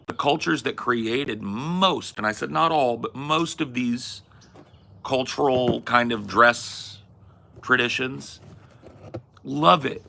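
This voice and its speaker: A man's voice: mid-range voice, creaky, pushed and bright, a little hiss or hum. A man hosting a talk podcast, arguing his opinions emphatically with casual swearing. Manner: emphatic, swears, acts out quoted voices. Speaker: podcast host.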